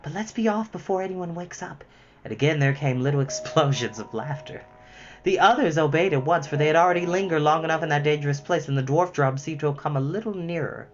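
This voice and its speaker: A man reading a children's novel aloud as storyteller, with lively expression. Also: a little high, quick pace, soft background music. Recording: slightly muffled lo-fi recording.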